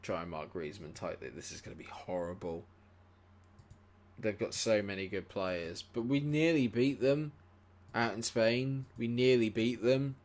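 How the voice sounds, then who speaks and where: A man streaming a football management game, muttering, then shouting and swearing at the match. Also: lowish voice, unhurried. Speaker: gaming streamer. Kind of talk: live gameplay commentary.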